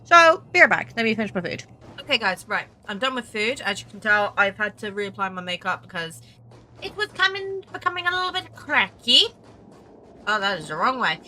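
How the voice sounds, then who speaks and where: A young woman doing chatty let's-play commentary, apologetic and quick to swear. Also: medium pitch, animated, sharp tone, slight background noise. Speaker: gaming youtuber. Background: game music.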